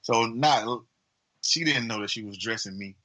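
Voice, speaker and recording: A man co-hosting a podcast, telling a long story in a casual, rambling way with many fillers and lively acted-out voices. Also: medium pitch, moderate pace, low-quality recording. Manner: animated, acts out quoted voices. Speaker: podcast co-host.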